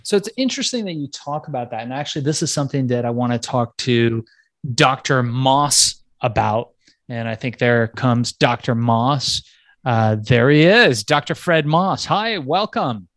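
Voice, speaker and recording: A man co-hosting a podcast, friendly and quick, sometimes halting over words. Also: medium pitch, lively intonation, a bit bright, no room sound. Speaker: podcast co-host. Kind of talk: casual talk-show chat.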